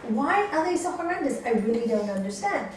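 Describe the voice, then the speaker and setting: A woman's voice: high voice, fairly quick. Woman yoga teacher lecturing in an echoey room. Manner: lively storytelling, asks the class questions. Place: yoga course room with students. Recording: echoey room, voice from a distance, faint noise.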